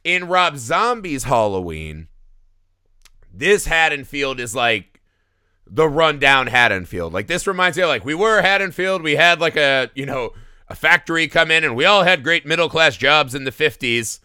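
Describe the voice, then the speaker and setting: A man's voice: fairly high pitch, moderate pace, smooth, no echo, clean studio sound. A man hosting a podcast, talking casually and animatedly about a horror film, often tagging his points with "right?". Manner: animated, tags lines with "right?". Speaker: podcast host.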